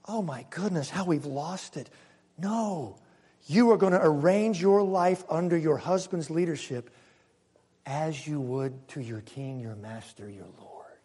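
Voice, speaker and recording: A man preaching a sermon emphatically, with dramatic pauses, his voice swinging from loud to hushed. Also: a little high, breathy edge, big-room sound. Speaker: pastor.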